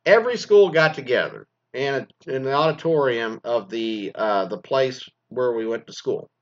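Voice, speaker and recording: A man's voice: mid-range voice, normal speed, lo-fi sound. Foul-mouthed man ranting. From Mesquite, Texas. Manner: crude, swears constantly, animated storytelling. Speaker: former teacher. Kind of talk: profane casual rant.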